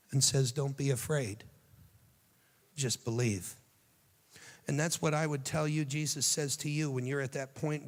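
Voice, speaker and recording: A man delivers a youth sermon in a storytelling style, acting out the voices in his story. His voice sits fairly high, and it carries a long reverb from a large hall. He swings from raised, emphatic lines to soft, hushed ones. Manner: dramatic storytelling, acting out quotes with hushed tender passages. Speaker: youth speaker.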